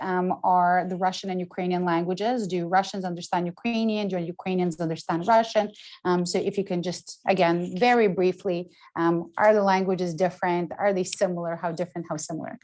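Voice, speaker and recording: A woman moderating an online panel over a video call, speaking in a measured, polite way with frequent ums. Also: mid-range voice, darkish tone.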